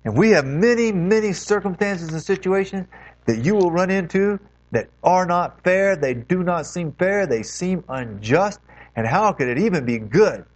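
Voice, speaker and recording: A man's voice: sits high, animated, normal speed. A man preaching a sermon as pastor, earnest and exhorting, leaning hard on key phrases. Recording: dull lo-fi recording.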